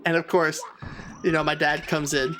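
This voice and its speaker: A man casually telling a story while playing a game, animated and loud when quoting people. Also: a little high, normal speed, background noise. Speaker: co-host of a gaming channel. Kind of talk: casual storytelling during gameplay. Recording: game music behind the voice. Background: video game music.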